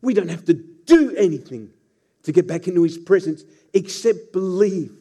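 A man's voice: sits high, animated, moderate pace, mellow. A man preaching a sermon as pastor, telling the story with playful asides to the congregation.

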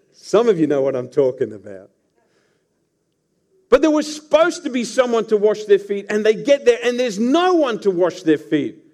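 A man's voice: high voice, very animated, normal speed, a little mellow. A man preaching a sermon as pastor, telling the story with playful asides to the congregation.

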